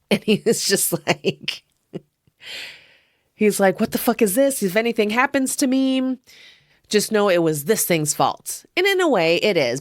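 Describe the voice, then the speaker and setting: A woman's voice: sits low, smooth, no echo, clean studio sound. A woman hosting a casual film review podcast, chatty and profane, laughing often as she talks. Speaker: podcast host.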